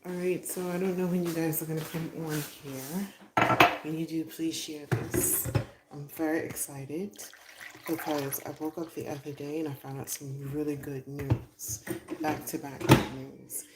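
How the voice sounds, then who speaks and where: A woman's voice: low voice, flat delivery, a little slow. A woman hosting a casual live stream from home, chatting in a rambling, half-whispered way as she walks out to her porch. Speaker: podcast host. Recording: echoey, noisy phone livestream.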